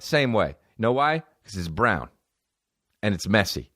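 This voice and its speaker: A man in his thirties hosting a podcast, riffing in a rambling, profane comedic monologue and mimicking people in high mocking voices. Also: sing-song, unhurried, fairly bright tone, no echo, studio quality.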